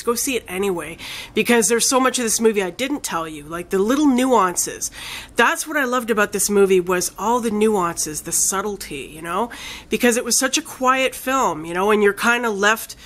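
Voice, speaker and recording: A woman giving a casual spoken film review, retelling the plot in a rambling, excitable way with many fillers and some casual swearing. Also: medium pitch. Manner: rambling, enthusiastic retelling full of "like" and "you know".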